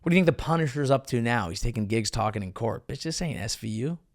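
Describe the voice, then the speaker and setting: A man's voice: mid-range voice, lively intonation, fast talker, no echo, clean studio sound. A man hosting a comedy podcast, riffing crudely and jumping into silly impressions.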